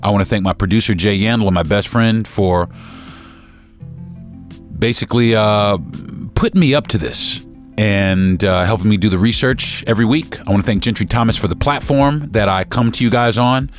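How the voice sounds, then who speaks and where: Over soft background music, a podcast host with a lowish voice talks at normal speed. He's giving his listeners, whom he addresses as "folks," a fired-up opinion rant, and as his temper rises he doubles back on words and starts sentences over.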